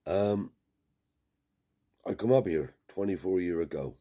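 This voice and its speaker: A man's voice: low-pitched, measured pace, mellow. A man from Cornwall, telling a rambling yarn in casual dialect as a travelling scrap dealer. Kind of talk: casual storytelling.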